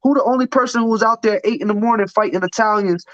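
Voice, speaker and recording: Man guest, fairly high voice, blunt and heated, dull dry recording. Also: fast talker, a bit bright, no room sound. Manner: blunt, profane, heated storytelling. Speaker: podcast guest. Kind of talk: casual storytelling chat.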